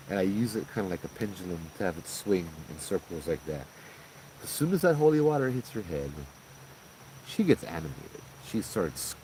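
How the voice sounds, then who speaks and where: A man recounts a ghost story in a loose, conversational way. He is animated and keeps checking in with "you know" and "right?" as he talks. Faint crickets chirp in the background. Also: lowish voice, a little hiss or hum, low-quality recording. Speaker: paranormal storyteller host. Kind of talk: casual spoken ghost story.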